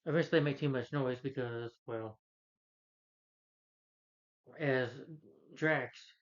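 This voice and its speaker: A man walks through a movie's plot in loose, rambling fashion, restarting sentences and tossing in quoted lines without changing his voice. His pitch sits in the middle of the usual range for a man. The recording sounds a bit dull and lo-fi. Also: steady tone, takes it slowly. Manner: rambling, with many restarts and fillers; quotes characters in his own voice. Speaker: film reviewer. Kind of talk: casual plot recap.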